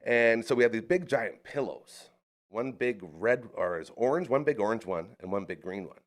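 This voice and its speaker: A man in casual storytelling chat on a live podcast, animated and acting out the people in his stories. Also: fairly low pitch, moderate pace.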